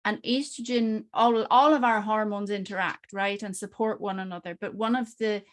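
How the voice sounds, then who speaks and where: A woman's voice: medium pitch, fairly even intonation, moderate pace. A woman, a webinar panellist, explaining things and repeating words as she restarts.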